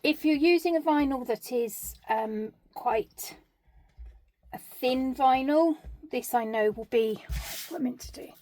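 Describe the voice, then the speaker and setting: A woman's voice: sits high, measured pace, warm tone. A woman giving a casual sewing tutorial, chatty and self-deprecating, thinking aloud with plenty of ums and restarts.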